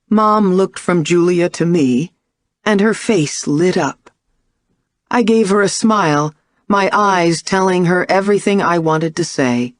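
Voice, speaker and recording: Brief: woman audiobook narrator, low voice, very unhurried, dry close recording. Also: dry recording. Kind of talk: scripted first-person narration.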